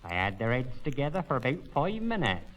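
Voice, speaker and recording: An actor playing a sly old countryman, telling deadpan tall tales in broad village in a comic monologue. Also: medium pitch, a little fast, low-quality recording. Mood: drawling. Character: old rustic countryman, sly, rambling yarn-spinner.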